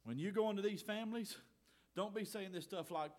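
A middle-aged man preaching a sermon in church, folksy and earnest, swinging from loud exhortation to quiet asides. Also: high voice, fairly quick. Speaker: pastor.

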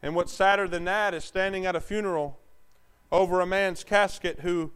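A man preaching a sermon as pastor, calling out to the congregation for answers and swinging from quiet, conversational talk to loud, shouted passages. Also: high voice, fairly even intonation, moderate pace, clear, resonant tone.

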